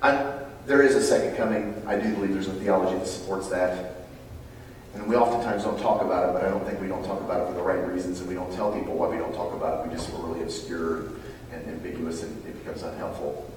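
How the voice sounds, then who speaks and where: A middle-aged American man preaching a sermon, swinging from loud, high bursts to low, quiet asides. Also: quick pace, slight background noise. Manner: animated, climbs high and loud when stirred, then drops low and quiet. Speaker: pastor. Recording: echoey hall, voice from far off.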